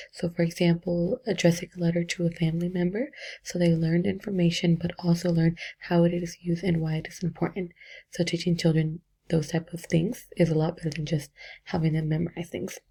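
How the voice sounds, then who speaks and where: Young female student, low warm voice, rambling casual book reflection. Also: creaky, husky. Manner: chatty, filler-heavy, self-correcting. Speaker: education student.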